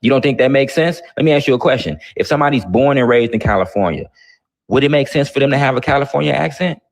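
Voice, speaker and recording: A man's voice: mid-range voice, lively intonation, quick pace, creaky. A man from Chicago with a Chicago accent hosting a casual live-stream talk show, blunt and confrontational. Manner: blunt, confrontational, swears freely. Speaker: host.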